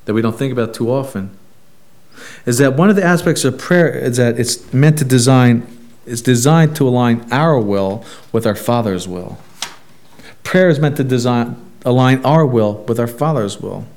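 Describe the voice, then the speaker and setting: A man's voice: medium pitch, animated, normal speed, a little mellow. A man preaching a sermon as a pastor, emphatic and full of rhetorical questions.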